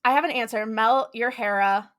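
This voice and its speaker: A woman co-hosting a podcast talks in casual, teasing banter. Her voice sits a little high and sounds very bright. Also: normal speed. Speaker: podcast co-host. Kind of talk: casual chat.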